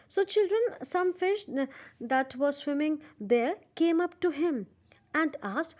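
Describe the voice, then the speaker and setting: A woman's voice: high voice, sing-song, takes it slowly. A woman schoolteacher with an Indian English accent, telling a story to children and explaining words as she goes. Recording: dull lo-fi recording.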